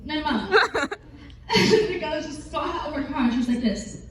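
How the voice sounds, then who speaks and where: A woman with a fairly high voice tells giggly, rambling stories on a convention stage, full of "like" and "um". Her voice bounces around a huge echoing hall and comes from some distance from the mic. Steady background noise sits under everything. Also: normal speed. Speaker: panel guest answering fan questions. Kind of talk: casual convention Q&A.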